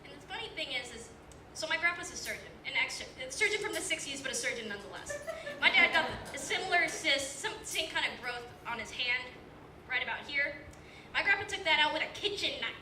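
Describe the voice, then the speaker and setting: High, animated and fairly quick, an eighteen-year-old woman rambles through a self-mocking story at an open mic, full of filler words. It's a small comedy club with a live audience, heard from a distance in an echoey room with background noise.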